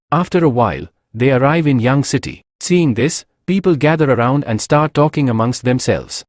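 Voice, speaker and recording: Narrador masculino de resumen de cómic; lee con voz viva y melódica, toma seca. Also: male voice, mid-range voice, very animated, moderate pace, hardly any pauses, darkish tone, no echo, studio quality. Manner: reads every figure's lines in his own voice. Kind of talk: comic recap narration.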